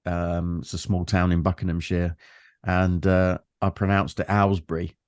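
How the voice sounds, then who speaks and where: Deep-voiced man with a London accent. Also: little pitch movement, normal speed, a little mellow, clean tone, no echo. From London, England. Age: 50s. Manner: reflective, meandering storyteller with frequent fillers. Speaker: guest. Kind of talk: casual conversation.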